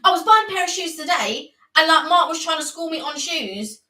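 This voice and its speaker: A woman's voice: very high-pitched, fairly quick, far from the mic. A woman co-hosting a live stream in casual, chatty talk. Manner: chatty, animated, teasing. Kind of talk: casual chat. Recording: echoey room, a little off mic.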